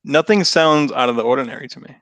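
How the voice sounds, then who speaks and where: A man's voice: medium pitch, quick pace, a bit bright, no echo. A man with a Boston accent hosting a casual chat over a video call, easygoing, laughing often and rambling through restarts. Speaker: podcast host.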